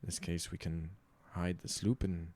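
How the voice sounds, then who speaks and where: Low-voiced man arguing at the game table. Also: little pitch movement, moderate pace, darkish tone. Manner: blunt, arguing for leaving. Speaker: player. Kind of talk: in-character table talk.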